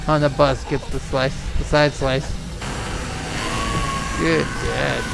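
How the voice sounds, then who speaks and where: A man hosting a movie reaction video, swearing and talking back at the screen in casual, excitable commentary. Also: mid-range voice, vocal fry. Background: film soundtrack music.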